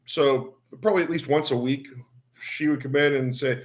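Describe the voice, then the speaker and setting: A man with a Pittsburgh accent tells stories in a loose, rambling way as co-host. His pitch is middling, and he laughs as he goes. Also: steady tone, normal speed. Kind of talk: casual storytelling.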